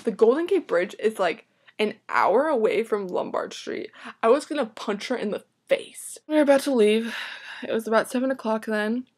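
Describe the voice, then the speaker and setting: A woman's voice: a little high, lively intonation, normal speed, slightly rough. A young woman vlogger telling a story casually, dramatic and exasperated, swearing freely and filling her talk with "like".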